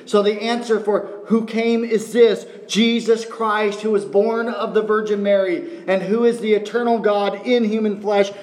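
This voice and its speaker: A man's voice: a little high, a little mellow, echoey room. A man preaching a sermon in an earnest teaching tone, asking rhetorical questions as he explains scripture.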